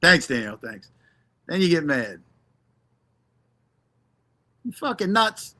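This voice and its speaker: A man's voice: a little high, big pitch swings, slow, pushed and bright. A man hosting a live stream, ranting casually, swearing constantly and reading out names from the chat.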